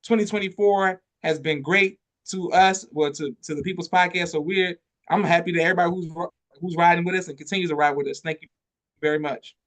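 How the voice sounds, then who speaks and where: A man hosting a podcast in casual interview chat, relaxed and loose with his phrasing. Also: high-pitched, a little fast. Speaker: podcast host.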